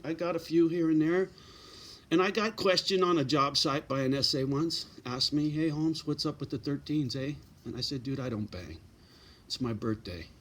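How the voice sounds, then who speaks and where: A man's voice: a little high, fairly bright tone. A middle-aged man giving blunt, profane advice in a casual straight-talking monologue, often tagging lines with "right?" and "you know".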